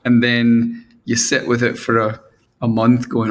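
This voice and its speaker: A middle-aged man speaks at an ordinary male pitch in a candid, relaxed interview. He stops and restarts often and pokes fun at himself. He slips into quick impressions of his own doubting voice. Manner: self-mocking, halting with many restarts, mimics his own inner voices. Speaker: band frontman and songwriter. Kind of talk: candid casual interview talk.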